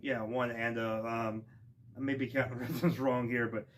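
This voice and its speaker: A man giving a casual instrument lesson outdoors, relaxed and rambling with plenty of ums and restarts. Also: mid-range voice, normal speed, soft background music. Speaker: music teacher. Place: outdoors with wind. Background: bowed string instrument playing.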